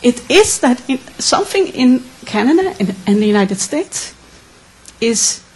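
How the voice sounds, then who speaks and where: A woman from the Netherlands, asking an earnest, emotional question at a conference Q&A with many halting restarts. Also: high-pitched, big pitch swings, darkish tone, slightly rough, low-quality recording. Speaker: audience member asking a question.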